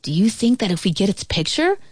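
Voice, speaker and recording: A woman's voice: medium pitch, very animated, brisk, a little mellow, husky, no room sound, clean studio sound. A woman voicing a nervous, eager young boy in a read-aloud story. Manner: eager, timid.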